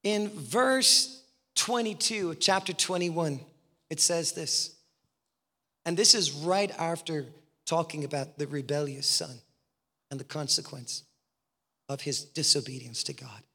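A man's voice: on the high side, measured pace, pauses often, pushed and bright. A man preaching a passionate sermon as a guest speaker in a church, driving his points home with repeated rhetorical questions. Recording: long reverb in a hall.

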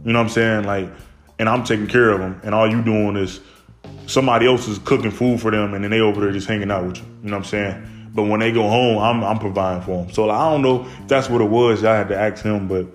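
A man's voice: on the low side, fairly even intonation, fast talker, soft background music. A young man casually recounting a family story from his childhood, rambling with many fillers and restarts.

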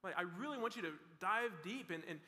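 A man's voice: sits high, animated, fast, pushed and bright. A young man, a youth pastor, giving a casual sermon to students, talking loosely with lots of "like" and restarts. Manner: casual, rambling with many "like" fillers and restarts. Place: large hall with a student audience. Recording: reverberant hall.

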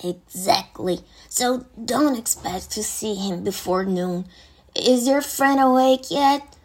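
A man putting on a breathy, kindly old farm hostess. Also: sits high, slow, voice pushed up, full character voice, low-quality recording. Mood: chatty. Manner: warm, fussing, confiding. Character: kindly motherly older farm hostess woman.

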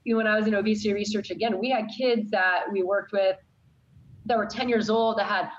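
A woman's voice: medium pitch, steady tone, fairly quick, highs cut off, a little hiss or hum. A woman who teaches college science, talking earnestly and with strong opinions in a casual chat.

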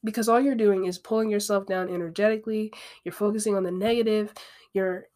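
A woman's voice: mid-range voice, steady tone, a little fast, darkish tone. A woman hosting a podcast, talking through self-help advice in a candid, conversational way, with frequent asides and repeated phrases. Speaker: podcast host. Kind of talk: casual self-help monologue.

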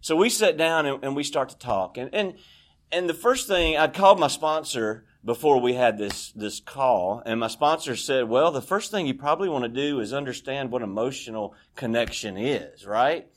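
A man's voice: mid-range voice, animated, normal speed. A man gives a candid, self-deprecating personal testimony at a recovery meeting, acting out bits of dialogue. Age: 40s.

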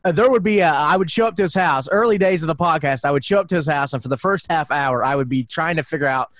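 A man guesting on a podcast, telling crude jokes and rapid stories. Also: fairly high pitch, fairly bright tone, dry recording, clean studio sound. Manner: crude, joking, rapid storytelling. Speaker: podcast guest, co-host of another show. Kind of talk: casual podcast chat.

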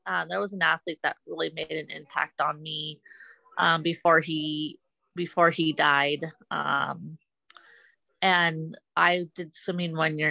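Earnest guest athlete, a woman from the United States who talks haltingly in a low, bright, gravelly voice. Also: no room sound, rough recording. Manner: earnest, halting, repeats herself. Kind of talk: casual interview chat.

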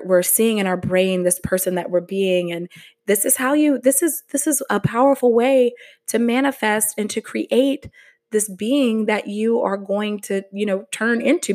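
A woman hosting a motivational podcast, talking slowly and earnestly in a casual way, with the odd swear word. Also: fairly high pitch, a little mellow. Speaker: podcast host.

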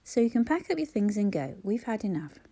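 A man's voice: sits high, sing-song, fairly quick, dark tone, exaggerated voice. A woman doing a plain-spoken practical man. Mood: matter-of-fact. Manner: matter-of-fact, reasoning.

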